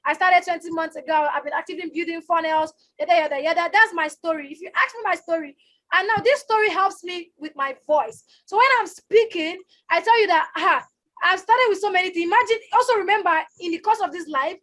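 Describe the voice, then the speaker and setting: A woman coaching on a live stream, energetic and loud, who likes to shout and repeats herself for emphasis. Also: extremely high pitch, fairly quick. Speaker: online business coach. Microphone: phone or webcam on a live stream.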